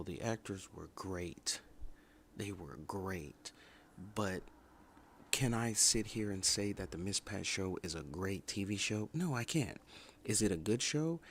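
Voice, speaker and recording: A man with a deep, low-pitched voice runs a casual review livestream. He talks bluntly and circles back to hammer the same point. Faint noise sits behind him. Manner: blunt, repeats points for emphasis. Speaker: livestream host reviewing a TV show.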